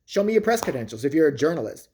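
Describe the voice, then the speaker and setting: A vlogger putting on a loud, exaggerated voice to mock a smug young male auditor. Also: mid-range voice, very animated, racing, a little hiss or hum. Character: mocking caricature of a young male street auditor.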